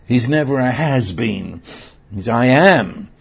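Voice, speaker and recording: Male preacher, husky tone, unhurried, earnest sermon delivery with frequent stumbles and repeats. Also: mid-range voice, expressive. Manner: halting, repeats words, slow and earnest.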